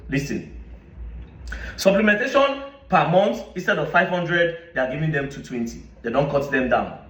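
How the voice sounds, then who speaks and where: A man's voice: a little high, animated, moderate pace, a bit bright, echoey room, recorded from a distance, highs cut off. A man with a Nigerian accent reading official statements aloud and rebutting them with indignant, sarcastic questions. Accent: Nigerian English. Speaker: social media commentator.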